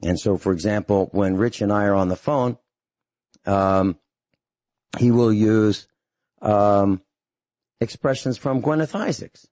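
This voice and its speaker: A man hosting a radio talk show, speaking steadily and repeating details slowly and carefully. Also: fairly low pitch, darkish tone, no echo.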